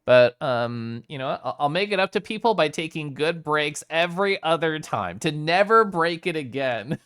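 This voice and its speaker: A man's voice: fairly high pitch, animated, moderate pace, a bit bright, clear, resonant tone, no room sound, studio quality. A young man streaming at home, casually telling his chat a rambling story full of fillers. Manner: chatty, rambling, frequent fillers.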